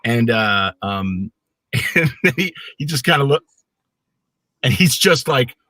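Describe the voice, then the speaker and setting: A man's voice: mid-range voice, slow, dry recording. A middle-aged man, a guest on a casual live stream, telling anecdotes with animation and acting out the voices in them. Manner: animated storyteller who acts out the voices in his anecdotes.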